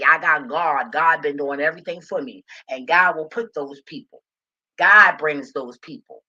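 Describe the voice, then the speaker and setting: A woman from talks straight to her viewers in a passionate, emotional ramble full of restarts. Her voice is bright and forceful. The recording sounds dull and lo-fi. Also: sits low, husky. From Philadelphia. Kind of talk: casual monologue to viewers.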